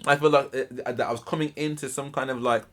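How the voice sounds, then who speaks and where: A man's voice: mid-range voice, fairly even intonation, fast, fairly bright tone, natural voice. A man voicing a defensive young man who sounds aggrieved and blunt.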